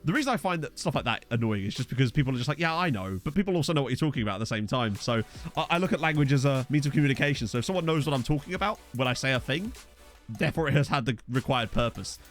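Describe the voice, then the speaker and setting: A man streaming a football management game, rambling and riffing with his chat between excitable outbursts. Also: mid-range voice, very fast, soft background music.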